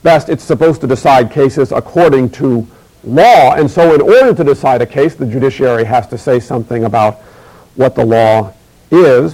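A middle-aged male lecturer speaks in a measured, emphatic way, slowing down to stress and repeat his key phrases. His voice sits at an ordinary pitch with a noticeable gravelly fry. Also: a little mellow, rough recording. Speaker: university lecturer. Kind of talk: recorded academic lecture.

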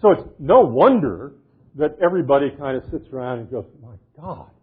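An older man, a literature professor, giving an animated lecture and cheerfully acting out the characters of a medieval tale, reading old verse aloud. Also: medium pitch, a little fast, slightly rough. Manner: jovial, acts out quoted characters, reads old verse aloud. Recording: tinny phone-like lecture recording.

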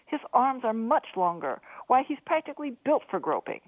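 A woman voicing a cheeky young male ship's crewman with wheedling, quick-witted banter. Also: fairly high pitch, big pitch swings, dry recording, pitched above the performer's own voice. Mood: teasing. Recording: dry, phone-like narrow sound.

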